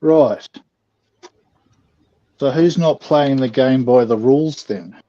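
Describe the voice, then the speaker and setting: Male guest, mellow mid-pitch, laid-back and questioning, lo-fi call sound. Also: slow pace. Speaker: livestream guest. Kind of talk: casual livestream chat. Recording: dull lo-fi line with faint noise.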